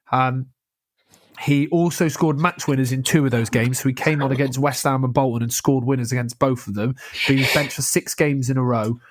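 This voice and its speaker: A young man in casual football chat, talking with a passionate rush and constant restarts. His voice sits at a middling pitch. The sound is close and dry, with no room at all. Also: no echo. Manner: passionate, rapid, many restarts. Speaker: podcast co-host.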